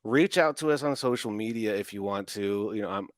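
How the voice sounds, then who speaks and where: A man co-hosting a casual podcast, relaxed and rambling, restarting his sentences often. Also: fairly low pitch, a little fast, dry recording. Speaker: podcast co-host and audio editor.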